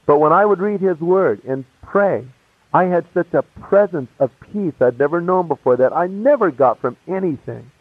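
A man's voice: fairly high pitch, lively intonation, moderate pace, husky, dry recording. A man telling a personal story in a casual, chatty way, acting out the people he quotes with shifting voices. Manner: casual, chatty, full of "you know" asides. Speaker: speaker giving a personal testimony. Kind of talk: animated storytelling. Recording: dry, tinny phone-like radio sound.

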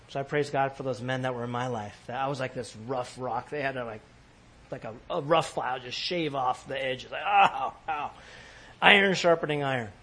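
A man's voice: a little high, fairly bright tone. A man from California preaching a sermon in a church in New York, talking casually to the congregation with laughs and asides. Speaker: pastor.

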